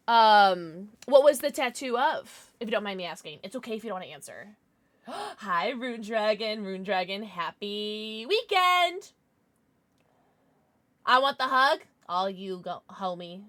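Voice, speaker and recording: With a medium-pitched voice, a young woman on a live stream thanks her viewers, squeals with excitement and chats casually with her chat.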